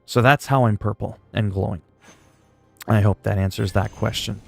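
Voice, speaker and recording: Man, gravelly low voice, joking livestream chatter, faint music behind. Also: fairly even intonation, moderate pace. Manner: joking, rambling, reads chat aloud. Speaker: gaming livestreamer. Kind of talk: casual livestream chat.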